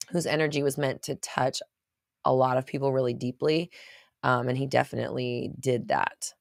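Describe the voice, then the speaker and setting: A woman's voice: rumbling low, creaky, a bit bright, no room sound, studio quality. A woman host talking casually to a live chat, rambling with many restarts and at times getting choked up. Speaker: podcast host.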